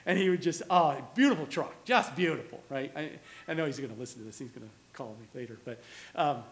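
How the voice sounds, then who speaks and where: A pastor preaching a sermon, telling stories in an animated way and chuckling now and then. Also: male voice, on the high side, fast talker.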